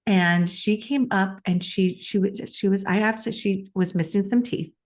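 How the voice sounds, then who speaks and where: A woman's voice: mid-range voice, moderate pace, a little mellow. A middle-aged woman co-hosting a podcast, telling a personal story in an earnest, emotional and reflective way, laughing often. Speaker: podcast co-host.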